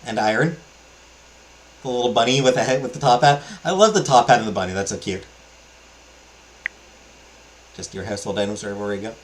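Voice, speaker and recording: A man's voice: lowish voice, fast talker, slight background noise, poor audio. A man hosting a let's play, chatting casually and enthusiastically with many fillers as he talks through a game.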